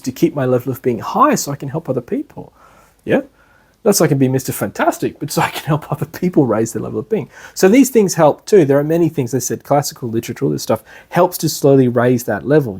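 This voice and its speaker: A man's voice: mid-range voice, darkish tone, breathy edge. A man giving a class as an instructor, talking loosely with many fillers and restarts. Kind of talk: lecture.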